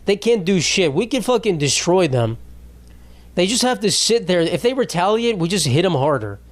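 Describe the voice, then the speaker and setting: A man's voice: high voice, sing-song, normal speed. A young adult man hosting a podcast, rambling in a crude, sarcastic comedic monologue. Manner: crude, sarcastic, rambling with mocking put-on voices. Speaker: podcast host.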